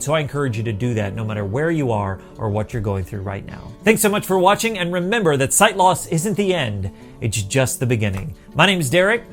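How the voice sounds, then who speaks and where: A middle-aged man talking to camera in an earnest, rambling, encouraging way, with restarts and bits of self-talk. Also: mid-range voice. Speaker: vlogger on living with sight loss.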